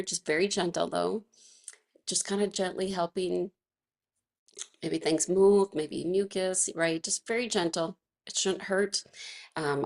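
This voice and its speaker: A woman's voice: lowish voice, gravelly. A woman teaching a casual wellness class, chatty and laughing often, with many fillers and restarts. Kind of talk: casual guided class instruction.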